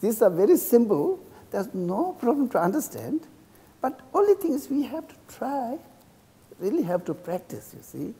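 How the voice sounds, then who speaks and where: A Buddhist monk with a very high, sing-song, mellow voice with a breathy edge teaches a dharma class in halting English, his second language, with a Tibetan accent. In a cultural center teaching room that echoes like a hall, he acts out insults and praise with a laugh. He keeps checking in with students by asking "okay?"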